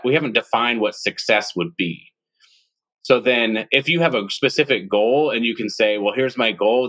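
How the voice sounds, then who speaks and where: A male podcast host speaks in a somewhat low voice with a bright, forceful edge. He reflects on what his guest said and works it into his own thoughts, often starting a sentence over. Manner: reflective, rephrases and builds on the guest's points. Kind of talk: conversational interview.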